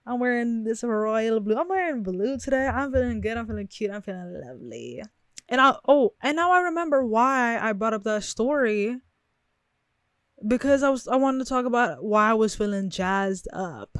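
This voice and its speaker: A woman's voice: fairly high pitch, expressive, normal speed, dry recording, clean studio sound. A young woman vlogging from her bedroom in a chatty, rambling, self-reflective way, laughing often. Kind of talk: casual chat to camera.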